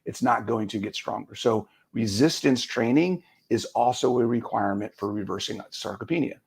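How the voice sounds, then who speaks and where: A man with a gravelly, slightly husky voice explains exercise to fellow guests. He talks in an energetic, teaching way. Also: mid-range voice, moderate pace. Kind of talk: casual panel chat.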